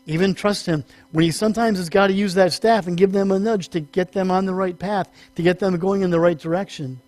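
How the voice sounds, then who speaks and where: Man, pastor, high voice, chatty sermon, humorous anecdotes, dry close sound. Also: fairly quick, no room sound. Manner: chatty storytelling with humorous asides; animated, acts out small voices in stories. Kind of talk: sermon teaching.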